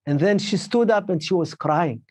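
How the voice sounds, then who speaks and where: A man with a slightly high, mellow voice recounts his experiences as a podcast guest. His English is a second language, and he often stops and restarts. The sound is close and dry. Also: dry recording. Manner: halting, repetitive speech with many restarts, speaking English as a second language. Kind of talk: recounting personal experiences in an interview.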